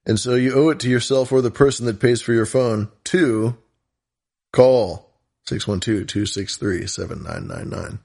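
A man co-hosting a podcast in loose, rambling chat. He goofs around and jokes at an ordinary, mid-range pitch. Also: moderate pace, vocal fry, a little mellow. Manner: goofy, rambling. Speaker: podcast co-host. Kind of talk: casual chat.

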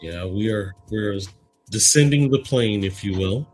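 Low-voiced male podcast host. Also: darkish tone, soft background music. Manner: measured, reads out listener questions. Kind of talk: interview questions.

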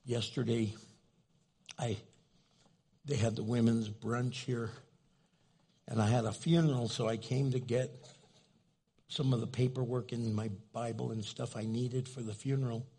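A man's voice: mid-range voice, fairly even intonation, unhurried, vocal fry, pauses often, mellow, husky. An older man preaching a conversational sermon as pastor, telling folksy stories and speaking directly to his congregation.

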